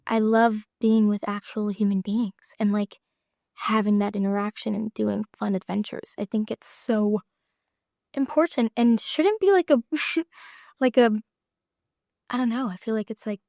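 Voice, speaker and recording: An actress chatting as an interview guest, giggling often and trailing off with lots of fillers. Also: female voice, medium pitch, fairly even intonation, a little slow, vocal fry, darkish tone, no echo, clean studio sound. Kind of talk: casual interview chat.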